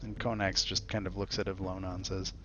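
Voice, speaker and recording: A man narrates a tabletop role-playing session as dungeon master. He speaks casually, pausing on fillers, in a fairly low voice. The sound is dull and lo-fi. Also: slight background noise. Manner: relaxed, casual, with hesitant fillers.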